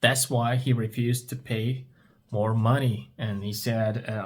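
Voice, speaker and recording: With a steady tone and measured pace, a medium-pitched man whose first language is Turkish leads story-based English speaking practice. Each question about the story gets repeated, and he answers it himself.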